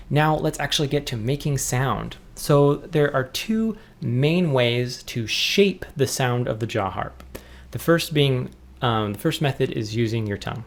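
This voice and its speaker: A young adult man teaching jaw harp technique in a relaxed, explanatory way, often restarting his sentences. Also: mid-range voice. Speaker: music teacher. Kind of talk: instructional tutorial.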